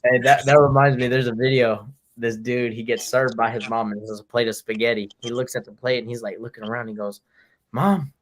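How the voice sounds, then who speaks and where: A man co-hosting a casual soccer fan podcast, telling jokey stories in an animated way and swearing freely. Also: medium pitch, fairly quick, few pauses. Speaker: podcast co-host. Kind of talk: casual chat.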